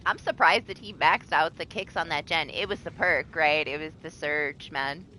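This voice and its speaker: A woman streaming herself playing a game live, reacting loudly with laughs and curses and teasing the other players. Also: low voice, moderate pace, a little hiss or hum. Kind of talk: live gameplay commentary.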